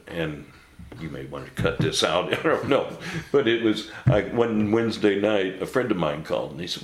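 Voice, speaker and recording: A man with a very low, deep voice tells his story in an easygoing, blunt way, swearing a little and breaking into laughter now and then. His voice rings slightly in an echoey room. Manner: laughs often while telling stories. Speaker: interview guest. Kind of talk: casual storytelling.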